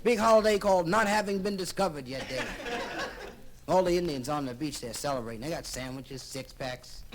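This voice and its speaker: Comedian guy telling a story, high voice, bouncy, hissy old record. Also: a little fast. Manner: animated, jumps between put-on voices. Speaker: stand-up comedian. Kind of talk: stand-up storytelling. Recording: crackly vinyl rip of a live comedy album.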